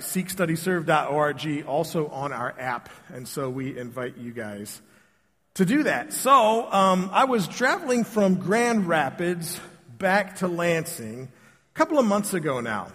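A male pastor giving a relaxed, joking sermon full of personal stories, talking straight to the congregation. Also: fairly high pitch. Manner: casual, joking, addresses the congregation directly. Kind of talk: conversational sermon with storytelling. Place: church sanctuary. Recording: long church reverb.

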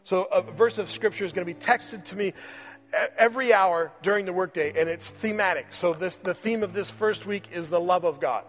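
Male pastor, high voice, emphatic repeats, faint music under the sermon. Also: long reverb tail. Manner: conversational, repeats phrases for emphasis, slows on key words. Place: church sanctuary.

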